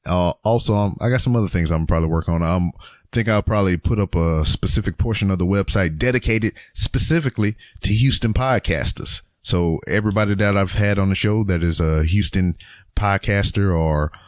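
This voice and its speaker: A young man from Louisiana with a low voice, rambling through his podcast sign-off in a loose, chatty way. His voice is dry and close to the mic, with no room echo. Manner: rambling and chatty, with frequent ums and chuckles. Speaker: podcast host. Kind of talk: casual solo podcast outro.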